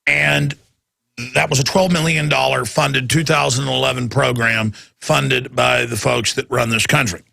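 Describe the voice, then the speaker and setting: Brief: male talk radio host, gravelly and forceful, rants with heat and repeats himself. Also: medium pitch, steady tone, a little slow. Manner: impassioned, ranting, repeats words.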